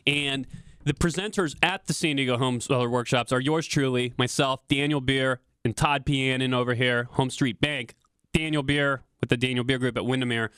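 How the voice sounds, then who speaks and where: A man co-hosting a radio talk show, pitching a workshop with a quick promotional delivery. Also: steady tone, fairly bright tone, smooth, no room sound, studio quality. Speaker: radio show co-host, real estate agent.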